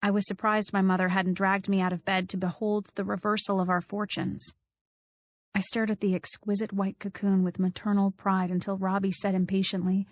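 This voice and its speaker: A woman's voice: medium pitch, little pitch movement, moderate pace, no echo. Wry woman reading an audiobook. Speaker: audiobook narrator. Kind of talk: scripted first-person audiobook narration.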